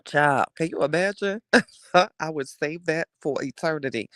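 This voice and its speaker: A man's voice: a little high, lively intonation, a bit bright, dry recording, clean studio sound. A man hosting a casual gossip podcast, talking in a sassy, dramatic way and addressing his listeners directly. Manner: sassy, dramatic, drawn-out storytelling. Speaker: podcast host reading live chat.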